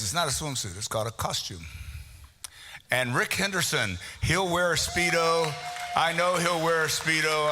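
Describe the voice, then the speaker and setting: Bright-voiced guy running a raffle, cracking jokes at the crowd, big echoey hall. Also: fairly high pitch, slight background noise. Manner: jokey, teasing, calls out names to the crowd. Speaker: event emcee. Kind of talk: live prize raffle announcing. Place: meeting hall. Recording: long reverb of a big hall.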